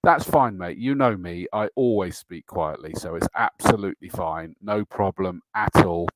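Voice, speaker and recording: A middle-aged English man with a lowish voice chats through a live show, greeting viewers by name and filling gaps with ums and laughs. His comes through in the matey banter. The sound is close and dry, with no room echo. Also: normal speed. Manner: chatty and matey, frequent fillers and laughs. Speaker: host of a motorsport livestream show. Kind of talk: casual live-stream chat reading viewer comments.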